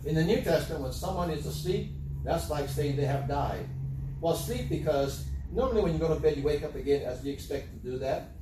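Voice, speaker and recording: A man's voice: a little high, animated, a little fast, recorded from a distance, background noise. A man preaching a sermon in a conversational way, often asking his listeners rhetorical questions. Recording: very echoey room, voice from off-mic.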